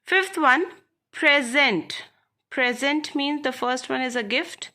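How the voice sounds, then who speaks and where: Slow, bright-voiced teacher. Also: female voice, sits high. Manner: deliberate, repeats words and addresses the children directly. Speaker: school English teacher. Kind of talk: slow classroom lesson explaining textbook exercises.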